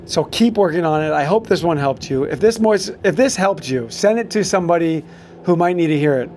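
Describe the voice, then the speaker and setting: A man's voice: on the high side, a little mellow, a little hiss or hum. A man hosting a solo sports podcast, coaching listeners in a motivational way. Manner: coaching, motivational, with fillers and restarts.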